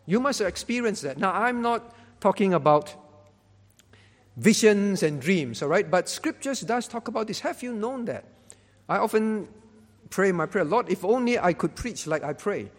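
Emphatic high-voiced male pastor preaching. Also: lively intonation, moderate pace, in a large hall. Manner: emphatic, rising to loud stresses; repeats words while building a point. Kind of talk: sermon.

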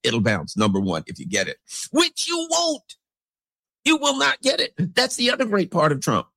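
A husky-voiced man riffing through a casual commentary, his pitch leaping high and dropping low as he rambles. His voice sits low and close in a dry, dead space. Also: brisk, dry recording. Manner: rambling, animated, swoops into big pitch jumps; acts out characters in anecdotes.

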